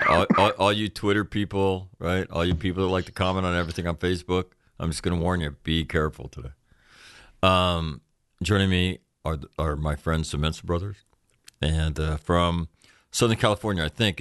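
A man's voice: sits low, steady tone, fairly quick, fairly bright tone, no room sound, clean studio sound. A man hosting a podcast, talking in a blunt, profane, bantering way. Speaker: podcast host. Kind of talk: casual podcast chat.

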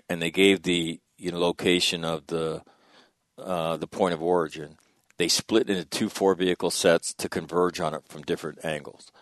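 A man's voice: little pitch movement, normal speed, no room sound. A man telling a war story in a podcast conversation, blunt and profane, dropping his voice when quoting. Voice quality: low gravelly voice. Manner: blunt, profane, drops to a hush for quoted dialogue. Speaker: guest, former military officer.

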